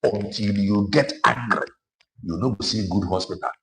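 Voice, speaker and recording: Nigerian man, lowish voice, emphatic repeating commentator in a car. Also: normal speed, a bit bright, slight background noise, poor audio. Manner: emphatic, repeats phrases for effect. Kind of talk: casual spoken commentary mixing Igbo and English.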